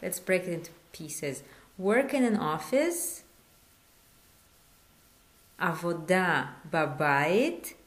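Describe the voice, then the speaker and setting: A woman teaching a Hebrew lesson in English, patient, repeating words slowly and asking questions. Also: lowish voice, animated. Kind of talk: online language lesson.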